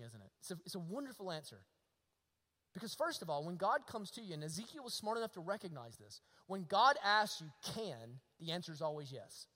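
A male pastor preaching a sermon, using rhetorical questions and swinging between hushed and emphatic delivery. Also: high-pitched, in a large hall.

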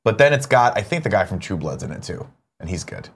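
Brief: male co-host, low voice, animated swearing ranter. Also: fast, gravelly, background noise. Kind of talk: casual chat.

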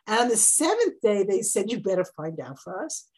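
A woman teaching a Bible class, lively and conversational, jumping up high when she acts out quotes. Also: normal speed. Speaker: Torah teacher.

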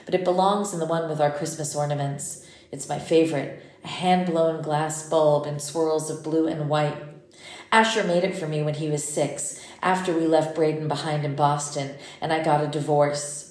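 A woman narrating a first-person audiobook in a measured, intimate way. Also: low-pitched, steady tone, a little mellow. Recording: roomy echo.

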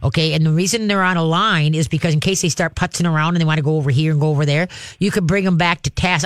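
A man's voice: fairly high pitch, fast talker, hardly any pauses, fairly bright tone, no echo, studio quality. A man hosting a call-in radio show about dogs, giving folksy, chatty advice and checking in with "okay?" and "all right?" as he goes. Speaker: radio show host, dog trainer.

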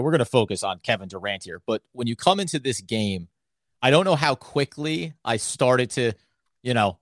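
A man's voice: mid-range voice, no echo, studio quality. A man co-hosting a casual sports podcast, with upbeat, hype-style delivery. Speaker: podcast co-host.

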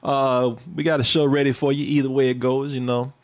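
A man's voice: mid-range voice, level tone, a little fast. A man hosting a casual livestream chat, joking and laughing often, with a tickle in his throat. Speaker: livestream host.

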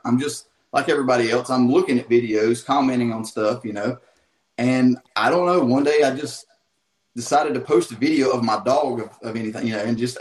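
A man with a thick North Carolina Southern accent chats as a guest, relaxed and rambling through his stories. His voice sits in the middle range. The line sounds roomy and echoey. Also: medium pitch. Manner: easygoing, many "uh" fillers, storytelling. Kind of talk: casual interview on a call.

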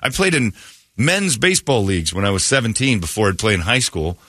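Loud jokey male radio host. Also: lowish voice, sing-song, a little fast, no echo. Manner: loud, jokey and irreverent, swings into put-on quote voices. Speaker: radio morning show host. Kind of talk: casual radio banter. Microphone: studio microphone. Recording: dry radio studio.

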